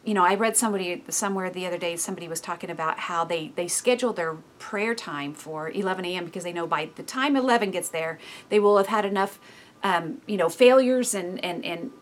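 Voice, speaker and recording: A woman in her thirties giving a devotional teaching in a lively, expressive way, acting out inner voices and often dropping to soft, hushed tones. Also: on the low side, fairly quick, slight background noise. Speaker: speaker giving a devotional talk.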